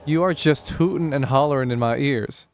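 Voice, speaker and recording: A man's voice: medium pitch, normal speed, a little hiss or hum. A young man casually commenting on a horror game as he streams it live, joking and thinking aloud. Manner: chatty, jokey, thinking aloud.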